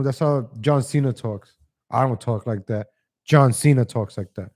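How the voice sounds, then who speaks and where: A man hosting a livestream, giving casual opinion commentary in a rambling way. He chuckles often and calls his viewers ladies and gentlemen. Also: medium pitch, normal speed. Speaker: livestream host.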